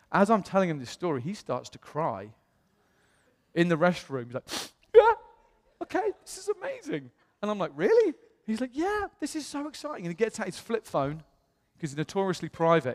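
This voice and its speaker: British pastor telling a story in a hall. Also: male voice, fairly high pitch. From England. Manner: animated, acts out quoted voices. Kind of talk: storytelling sermon. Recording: long reverb of a large hall.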